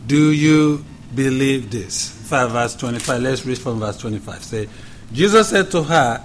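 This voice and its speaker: A man, a pastor, leading a prayer and then preaching a sermon in a church, speaking deliberately and repeating questions for emphasis. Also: mid-range voice, animated, a little hiss or hum. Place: church sanctuary.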